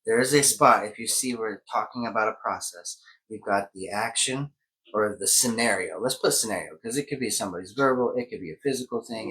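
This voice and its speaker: A man's voice: lowish voice, fairly bright tone, rough recording. A man in casual wellness chat who explains ideas step by step in an encouraging way.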